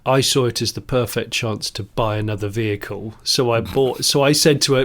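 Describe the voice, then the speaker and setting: A man's voice: mid-range voice, steady tone, moderate pace, hardly any pauses. A man co-hosting a podcast, telling rambling anecdotes in casual chat, full of restarts and laughs. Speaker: podcast co-host.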